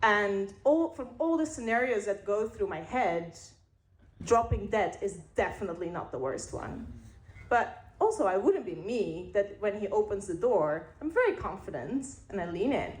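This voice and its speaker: A woman telling a frank personal story, candid and wry, with pauses for effect. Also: mid-range voice, lively intonation. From Netherlands. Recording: roomy echo.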